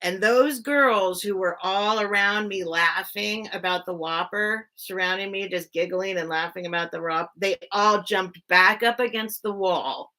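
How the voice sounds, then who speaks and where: Bright-voiced chatty woman telling a story. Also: mid-range voice, unhurried, few pauses. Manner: chatty, heavy use of "like" fillers, greets chat viewers. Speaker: host of a live sale stream. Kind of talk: casual storytelling on a live stream.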